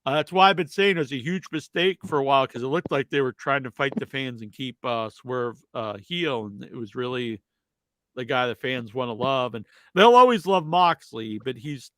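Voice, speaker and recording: Answering viewer questions during a casual live podcast, a congested man rambles and leans on lots of fillers. His medium-pitched voice is animated and fairly bright at normal speed, recorded dry.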